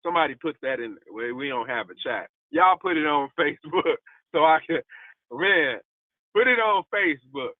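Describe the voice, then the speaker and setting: A man's voice: fairly high pitch, animated, moderate pace, no echo. A man giving a motivational devotional talk as a preacher, emphatic and testifying, repeating key lines for emphasis. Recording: tinny phone-like audio, dry.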